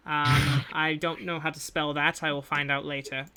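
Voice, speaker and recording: A woman's voice: deep voice, flat delivery, normal speed, hardly any pauses, bright, forceful tone, clear, resonant tone. A woman game master making casual, apologetic asides out of character. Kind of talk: out-of-character chat at a tabletop game.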